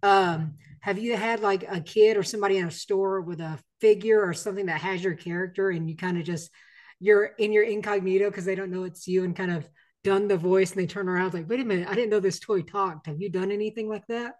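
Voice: medium pitch, steady tone, fairly quick. A podcast host asks questions in casual interview chat, often restarting sentences.

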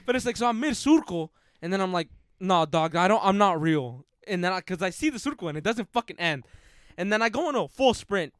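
A man's voice: sits high, lively intonation, fast, hardly any pauses, no room sound, studio quality. A young man telling a rambling story in casual podcast chat, swearing freely and packing in 'like' and 'bro'.

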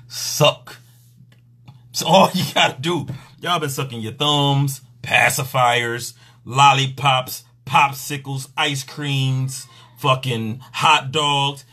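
A bright, husky male voice in a loose, joking live-stream chat. He riffs crudely about sex and slips into mock voices to act out partners, laughing as he goes. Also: mid-range voice. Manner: crude, joking, acts out quotes.

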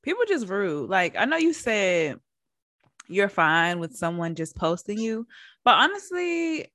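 Woman co-host, teasing quick interjections. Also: medium pitch, big pitch swings, fairly bright tone, no room sound, clean studio sound. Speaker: podcast co-host. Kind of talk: casual chat.

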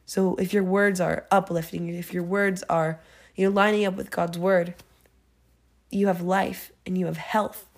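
A woman's voice: on the low side, level tone, unhurried, gravelly. A young woman talks casually through a devotional episode she hosts. Her delivery is earnest and chatty, full of little fillers and self-corrections as she works through her thoughts. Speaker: faith podcast host.

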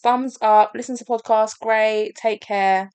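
A woman's voice: a little high, steady tone, unhurried, a little mellow, smooth, dry recording. A young woman, chatting casually as a podcast co-host and laughing through her stories. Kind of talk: casual chat.

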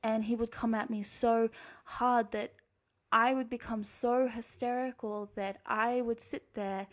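A woman's voice: on the high side, flat delivery, a little slow. A young Australian woman hosting her own show, telling a painful personal story in an earnest, reflective, emotional way. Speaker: podcast host. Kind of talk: confessional storytime monologue.

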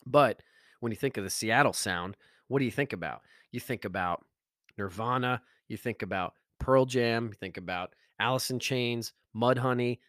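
A man's voice: mid-range voice, no room sound, clean studio sound. Emphatic middle-aged man, motivational podcast. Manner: energetic, emphatic, repeats phrases for effect. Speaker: podcast host. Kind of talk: motivational monologue.

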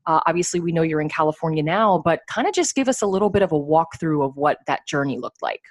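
A woman's voice: sits low, fast talker. A woman hosting a podcast, praising her guest at length before asking about his start. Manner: effusive, rambling, full of praise. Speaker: podcast host. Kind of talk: interviewing a guest.

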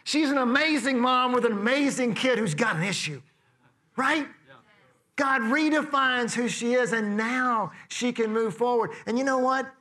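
A man's voice: extremely high pitch, normal speed, bright, forceful tone. A man preaching a sermon in a conversational way, asking the congregation rhetorical questions. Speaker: pastor.

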